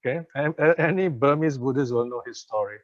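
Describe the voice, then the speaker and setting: A man's voice: medium pitch, a little fast. An older man from Malaysia giving a Buddhist teaching over a video call, telling stories with frequent laughs and check-ins like "okay" and "you see.". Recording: dull video call audio.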